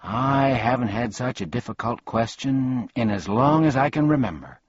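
A man's voice: medium pitch, animated, moderate pace, breathy edge, dry recording, muffled recording, voice pushed up. A man playing a pompous, scatterbrained ordinary man. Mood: cheery, rambling.

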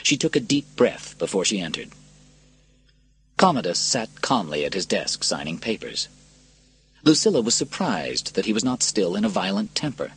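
A man narrating a scripted story in a dramatic, expressive reading style with a husky voice. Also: fairly low pitch.

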